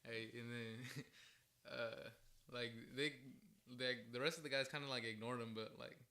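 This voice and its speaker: A man's voice: medium pitch, fairly even intonation, a little slow, pushed and bright. A young man telling a story in a casual podcast chat, rambling with lots of "like" and frequent laughter. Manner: rambling, heavy use of "like", laughs often.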